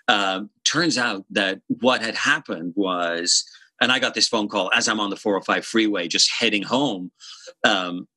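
A man in his fifties, a session bassist guest telling animated, profane stories in a casual interview. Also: measured pace, no room sound, poor audio. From Ireland. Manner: animated, profane, hums bass lines.

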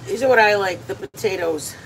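A chatty woman hosts a relaxed cooking livestream from her home kitchen, talking viewers through each step as she eats. Her voice sits mid-range. Steady household background noise runs underneath. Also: medium pitch, fairly quick, low-quality recording. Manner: chatty, explains steps to viewers. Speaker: cooking channel host. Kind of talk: casual livestream chat.

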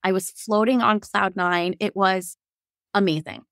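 Animated woman telling her birth story. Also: medium pitch, unhurried, dry recording, clean studio sound. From Virginia. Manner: animated, quotes herself and others, laughs often; frank, swears casually. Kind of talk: casual storytelling.

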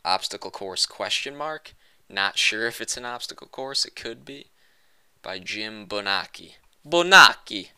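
A man's voice: fairly low pitch, measured pace, clear, resonant tone. A young man giving joking let's-play commentary, muttering one moment and yelping the next. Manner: jokey, swings from muttering to yelping shouts. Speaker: gaming commentator.

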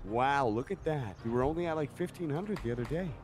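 A man's voice: medium pitch, animated, fairly quick, a little hiss or hum. A man in a gaming roleplay, easygoing and friendly.

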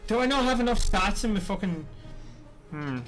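High-voiced man streaming a game. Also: fast, a bit bright, soft background music. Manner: swears often, chatty, talks back at the game. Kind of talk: casual gameplay commentary.

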